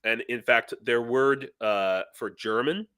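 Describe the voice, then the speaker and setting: A middle-aged man hosting a live stream, talking casually and in an animated, rambling way with many fillers and restarts. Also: medium pitch, takes it slowly, smooth.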